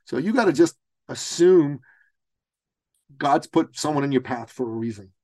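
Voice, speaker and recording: A man's voice: on the high side, moderate pace, no echo. A man, a business coach, telling a story in an interview and acting out the voices of the people in it. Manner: animated storyteller, acts out quotes.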